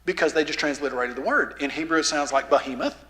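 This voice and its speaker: A man with a Southern drawl giving a lively, folksy lesson to a youth rally in a church, quizzing the crowd as he goes. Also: on the high side, fast talker, long reverb tail. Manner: asks the crowd questions, folksy and animated. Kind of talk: lively teaching talk to teens. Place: church hall, live audience.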